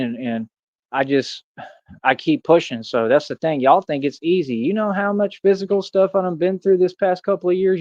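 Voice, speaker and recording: A man's voice: a little high, a little mellow, dry recording. A man talking earnestly in a casual vlog monologue, leaning on "man" and "bro" for emphasis. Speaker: street performer in a Batman costume. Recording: dull lo-fi dry sound.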